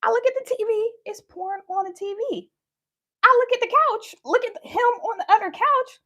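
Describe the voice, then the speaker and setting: A woman's voice: extremely high pitch, normal speed, sharp tone, dull audio. A young woman candidly telling a personal story in a live talk, acting out what people said. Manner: candid, conversational, acts out quoted lines. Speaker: speaker sharing her story.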